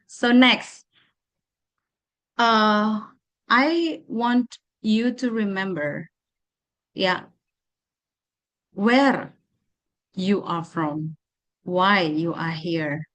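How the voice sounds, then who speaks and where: In a guided mindfulness session for a teacher-training workshop, a woman with an Indonesian accent speaks in a lowish voice, offering slow, repeated instructions broken up by many pauses.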